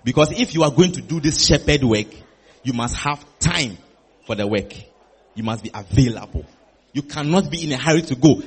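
A man preaching a lively sermon, animated and playful, repeating his phrases and acting out little conversations. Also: a little high, normal speed, husky. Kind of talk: lively sermon with acted dialogue.

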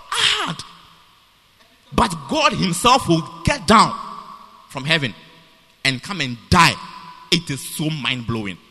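A high, bright-voiced man preaching with a lively, swooping delivery. He repeats and restarts his phrases emphatically, and his voice rings with the long reverb of a church hall. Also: a little slow, pauses often. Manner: animated, repetitive, emphatic with many restarts. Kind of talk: sermon.

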